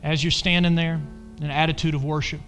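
A male pastor preaching a sermon, emphatic, swinging between loud exhortation and quiet asides. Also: fairly high pitch, little pitch movement, quick pace, faint music behind. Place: church sanctuary. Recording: long reverb of a large church hall.

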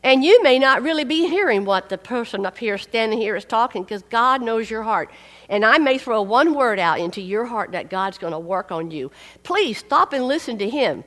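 A woman's voice: a little high, animated, moderate pace, fairly bright tone. Emphatic woman preaching in a reverberant hall. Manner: emphatic, repeats key phrases. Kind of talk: sermon.

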